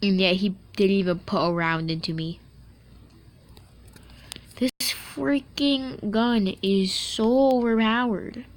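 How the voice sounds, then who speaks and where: A woman giving casual gameplay commentary, excitable and joking, with swearing and quick asides. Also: medium pitch. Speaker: mobile game streamer.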